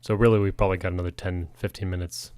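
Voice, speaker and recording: A man's voice: sits low, little pitch movement, rapid-fire, darkish tone, clean tone, dry recording. A man co-hosting a podcast who mostly adds brief quips and laughs while the other host tells a story. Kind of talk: casual chat, short reactions.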